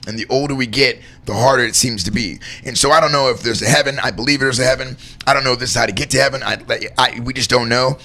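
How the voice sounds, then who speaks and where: Man, earnest storyteller, bright forceful tone, rambles with lots of "like" and "man". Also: mid-range voice, fast, few pauses. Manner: earnest, rambling, heartfelt, says "man" and "like" a lot. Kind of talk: candid storytelling in conversation.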